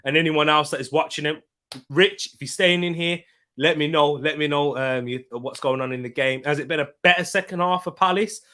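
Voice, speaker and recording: A young man hosting a live football watchalong, chatting casually and bursting into loud excited shouts at big moments. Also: on the high side, fairly quick. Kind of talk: live match commentary and chat.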